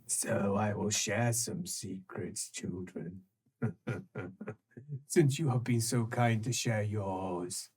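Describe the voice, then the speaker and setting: A game master voicing an ancient, trapped, secret-keeping creature that whispers low threats and breaks into cruel laughter. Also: slow pace, few pauses, dark tone, a little hiss or hum, natural voice. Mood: menacing. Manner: low menacing whispers broken by cackling laughs. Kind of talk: improvised tabletop role-play.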